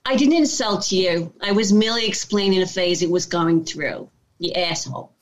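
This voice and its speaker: A woman's voice: on the low side, moderate pace, close to an everyday voice. A woman putting on a New York accent to voice a brash, insulting New York woman with a blunt, tough-talking manner. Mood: sneering.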